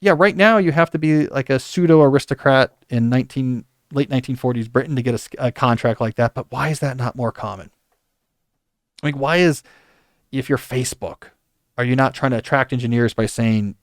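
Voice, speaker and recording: A man's voice: mid-range voice, a little fast, dry recording, studio quality. Man chatting casually about books. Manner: rambling, conversational, with frequent restarts and asides. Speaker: podcast host. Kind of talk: casual book review monologue.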